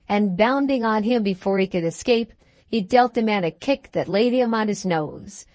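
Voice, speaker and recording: A woman narrating an audiobook in a slow, deliberate reading. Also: lowish voice, a little mellow, no room sound.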